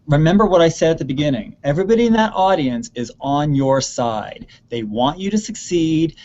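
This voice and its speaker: A man's voice: fairly high pitch, a little mellow, highs cut off. Earnest man giving theater advice. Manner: earnest, repeats words for emphasis. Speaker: theater expert answering student questions. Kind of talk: advice in an online Q&A. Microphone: video call.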